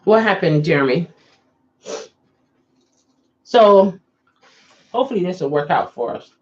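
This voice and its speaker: A woman's voice: fairly low pitch, lively intonation, unhurried, darkish tone, highs cut off. A woman hosting a casual livestream, chatting with viewers and coaxing them to answer her questions. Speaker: livestream host.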